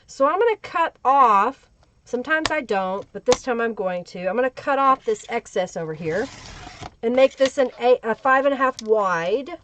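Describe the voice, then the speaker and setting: A woman's voice: fairly high pitch, expressive, normal speed, a bit bright, slight background noise. A woman hosting a live crafting tutorial, chatting away and greeting viewers in the chat by name. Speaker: crafting livestream host. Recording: dull lo-fi livestream audio.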